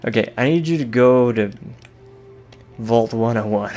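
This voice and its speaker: A man chats his way through a game in relaxed let's-play commentary, drifting from joke to joke and swearing without a second thought. His pace is slow and unhurried, and his pitch sits in an ordinary middle range. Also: soft background music. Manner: joking, rambling, swears casually. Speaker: gameplay commentator.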